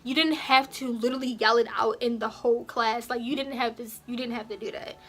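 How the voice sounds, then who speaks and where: A young woman vlogger telling a casual story, acting out the quotes in louder, raised voices. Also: on the high side, steady tone, a little fast.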